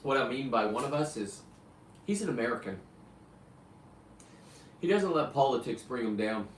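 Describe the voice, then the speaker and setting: A man's voice: mid-range voice, very animated, moderate pace, slight background noise. Fifty-something guy rambling on his live stream, blunt and cussing, sounds roomy and a bit far from the mic. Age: 50s. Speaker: live show host. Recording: roomy, distant mic, faint ambience.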